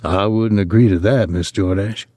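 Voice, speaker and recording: A man reading as a young soldier from Saint Louis, talking in a soft, lazy drawl with an ironic edge. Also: lowish voice, fairly even intonation, moderate pace, dry recording, natural voice.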